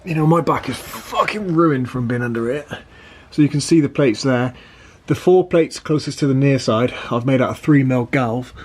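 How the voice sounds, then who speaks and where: A man's voice: medium pitch, moderate pace, darkish tone. A British man giving casual commentary while fitting out a van, swearing freely and making dry, self-mocking asides. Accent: British English. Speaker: van conversion vlogger. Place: workshop, under and inside a van. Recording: noisy workshop recording with clicks.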